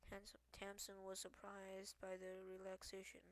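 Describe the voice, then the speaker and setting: A woman reading a novel aloud, halting and often restarting words. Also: medium pitch, completely flat delivery. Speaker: reader.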